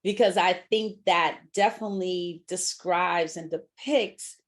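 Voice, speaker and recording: A woman's voice: on the low side, a little slow. A middle-aged woman hosting a podcast in casual chat, bubbly and laughing often, with many fillers. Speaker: podcast host.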